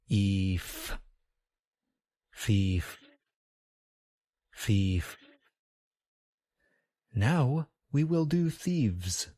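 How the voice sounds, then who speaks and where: Male ESL teacher, very slow and deliberate delivery, animated pitch. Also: no echo, clean studio sound. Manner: slow, carefully enunciated, drills sounds for repetition. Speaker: pronunciation teacher. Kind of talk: slow scripted lesson.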